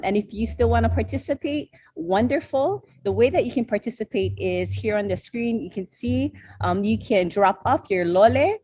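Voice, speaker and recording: A woman gives closing thanks, pausing often on fillers. Her voice comes across dry and dull, as if through a lo-fi connection, with no room sound at all. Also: mid-range voice, darkish tone, no room sound. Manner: hesitant, with frequent fillers. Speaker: closing speaker. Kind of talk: thank-you remarks.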